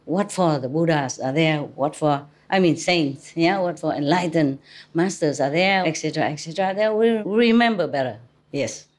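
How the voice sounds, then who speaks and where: A woman's voice: low-pitched, a little mellow. A woman spiritual teacher giving an informal talk to an audience, chatty and teasing, laughing often, in English that is not her first language. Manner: non-native English phrasing.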